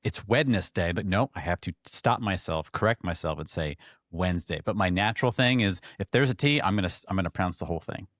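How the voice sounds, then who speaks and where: A man's voice: low-pitched, fast, hardly any pauses, fairly bright tone, no room sound, studio quality. A man with a Philadelphia accent, hosting a podcast in upbeat casual chat. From Philadelphia, USA. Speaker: podcast host.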